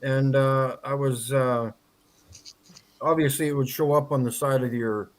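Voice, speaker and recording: A man in a casual group chat, relaxed and laughing easily, hesitating with many uhs. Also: mid-range voice, measured pace. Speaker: guest on a flat earth chat stream.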